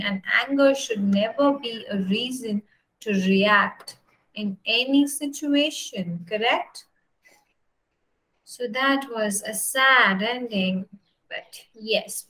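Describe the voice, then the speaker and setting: A woman teacher from India tells a story in an English lesson, animated, with many "right?" checks to her pupils. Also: fairly high pitch, poor audio. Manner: animated, asks "right?" again and again.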